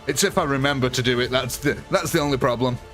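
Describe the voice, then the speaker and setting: A man's voice: mid-range voice, quick pace, fairly bright tone, soft background music. A young man chatting through a live gameplay stream, thanking viewers and talking through his choices.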